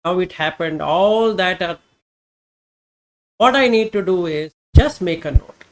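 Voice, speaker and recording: A Dhamma teacher giving an informal Buddhist teaching, reflective and halting, asking rhetorical questions and then answering them. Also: medium pitch, lively intonation.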